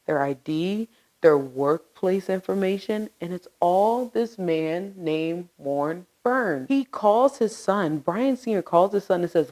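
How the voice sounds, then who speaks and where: A woman's voice: lowish voice, lively intonation, measured pace, a little mellow, low-quality recording. A woman hosting a true crime channel, telling a case in casual, chatty commentary, swearing and laughing at her own asides.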